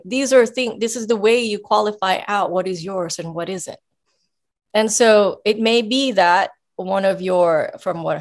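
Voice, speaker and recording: A woman guest coach giving casual advice, explaining in an emphatic, animated way. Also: mid-range voice.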